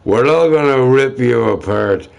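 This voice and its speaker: A man's voice: medium pitch, expressive, a little slow, vocal fry, a little mellow, clean tone. A young man streaming, ranting to his chat in a profane, trash-talking way. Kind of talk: livestream rant to chat.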